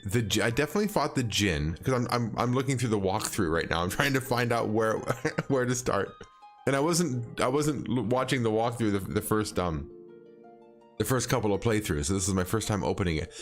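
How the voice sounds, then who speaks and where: A man chatting casually with viewers while streaming a game, rambling and hesitant, full of fillers and restarts and frequent chuckles. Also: medium pitch. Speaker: livestreaming game player. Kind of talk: casual gameplay chat with viewers.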